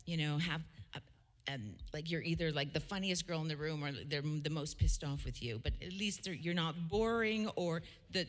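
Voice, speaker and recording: Her voice sits low at a normal speed. This Canadian singer-songwriter shares stories in a chatty, casual way between songs, often restarting what she's saying.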